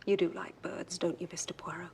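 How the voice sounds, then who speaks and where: A prim, efficient secretary with a high voice. She speaks neatly, with a light teasing edge. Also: unhurried, loud music behind the voice.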